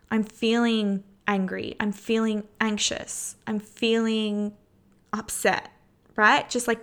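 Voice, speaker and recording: A woman's voice: on the high side, fairly bright tone, smooth. A woman hosting a self-help podcast, talking earnestly in a casual coaching tone and swearing freely. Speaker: podcast host.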